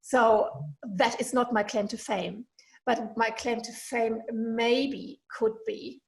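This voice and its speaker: A German-accented woman in her forties talks eagerly through a solo podcast from her kitchen. Her voice has a gravelly, fry-tinged texture, and she rambles a little with ums and uhs as her excitement carries her along. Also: a little high, takes it slowly, low-quality recording. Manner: enthusiastic, rambling with fillers. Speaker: podcast host, veterinarian. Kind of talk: casual solo podcast monologue. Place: home kitchen.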